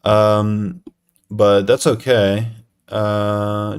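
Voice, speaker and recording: A man's voice: on the low side, takes it slowly, faint music behind. A young man live-streaming a chess game, talking to himself and chat with lots of fillers and self-deprecating groans.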